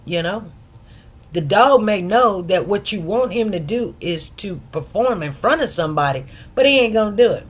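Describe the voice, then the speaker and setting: A woman's voice: mid-range voice, normal speed, husky. A woman hosting a commentary channel, talking loosely and directly to viewers and stopping often to act out what people said. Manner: animated storyteller who acts out quotes in different voices; loose, conversational, with many restarts and asides to viewers. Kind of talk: casual commentary on a court case.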